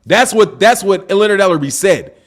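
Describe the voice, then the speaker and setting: A boxing channel host runs a live stream from home, sipping drinks and reading super chats aloud. His high, carrying voice is loud and excitable at a normal speed. He talks casually and says "bro" in almost every line.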